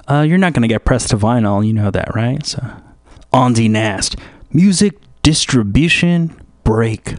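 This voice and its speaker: A man hosts a radio show from the studio, rambling through a profane, erratic monologue. His pitch swings widely as he jumps between mocking impressions. The sound is dry and close, with no room echo. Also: expressive, measured pace.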